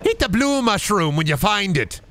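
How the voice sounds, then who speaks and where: A man putting on the voice of a sly little gnome who coaxes someone to eat a mushroom, in a high sing-song tone. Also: big pitch swings, normal speed, a bit bright, full character voice. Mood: coaxing.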